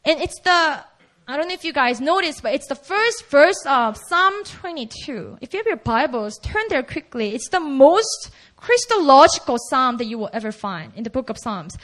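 Woman giving a sermon, chatty, high voice that swoops all over. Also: moderate pace. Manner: animated, conversational, acts out quoted lines. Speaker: preacher.

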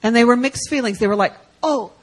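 A woman preaching as a guest speaker at a church service, telling a story with animated swings from loud to hushed and acting out the people she quotes. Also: a little high, fast, low-quality recording. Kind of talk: sermon storytelling.

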